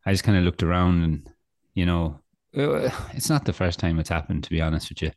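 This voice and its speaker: A man's voice: low voice, lively intonation, a little fast, a little mellow, no echo. A young Irish man co-hosting a podcast, talking casually and ranting with dry sarcasm. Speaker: podcast co-host. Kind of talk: casual chat.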